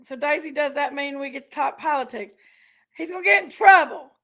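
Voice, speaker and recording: A woman's voice: high-pitched, fairly quick, a bit bright. A woman hosting a casual livestream, chatting and reading out viewers' names with frequent laughs. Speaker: livestream host.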